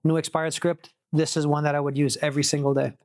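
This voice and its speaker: A man coaching a room of real estate agents through cold-call scripts, energetic and repeating key points for emphasis. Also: on the high side, fast talker, no room sound, clean studio sound. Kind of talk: teaching a sales boot camp.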